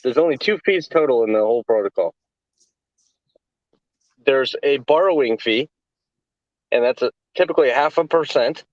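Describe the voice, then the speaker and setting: A man's voice: mid-range voice, expressive, normal speed, long pauses, no echo. A man answers questions about a protocol in a confident, matter-of-fact manner. His voice comes over a dull, lo-fi remote call. It sounds dry, with no room around it. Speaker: guest explaining a lending protocol. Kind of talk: explanatory interview answer.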